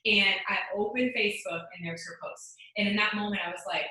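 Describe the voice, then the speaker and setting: Fast-talking woman on a zoom call, earnest and chatty, lots of "like", super echoey room. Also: mid-range voice, bright, forceful tone. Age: late 20s. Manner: fast, earnest, many "like" fillers. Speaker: guest speaker. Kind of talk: motivational talk on a video call. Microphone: video call.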